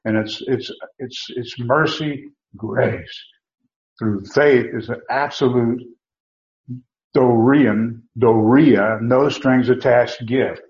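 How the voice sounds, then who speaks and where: A man preaches with emphatic insistence, circling back and repeating himself as he restarts his sentences. His voice sits at a medium pitch. The recording sounds muffled and echoes around the room. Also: steady tone, takes it slowly, a little mellow. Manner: emphatic, repetitive, with many restarts and fillers. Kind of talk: sermon. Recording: dull, roomy sound.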